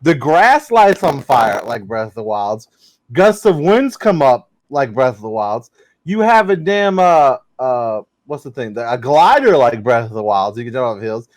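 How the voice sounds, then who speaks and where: Excitable dude on a game podcast, swears a bunch, swoopy voice, dry close mic. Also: male voice, mid-range voice, moderate pace, no room sound. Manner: lively, swearing, excitable storyteller. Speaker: podcast co-host. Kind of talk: casual gaming news chat.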